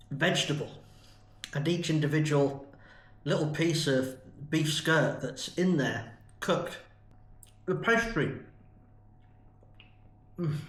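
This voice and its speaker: A man's voice: on the high side, a bit bright, echoey room. A man from the UK in a chatty, enthusiastic food review vlog. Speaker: food vlogger.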